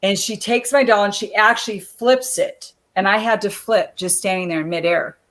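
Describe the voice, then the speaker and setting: A chatty woman telling long stories on a video call. She is a lively storyteller who laughs easily between anecdotes. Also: mid-range voice, moderate pace. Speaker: guest, former wrestler. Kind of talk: casual interview chat.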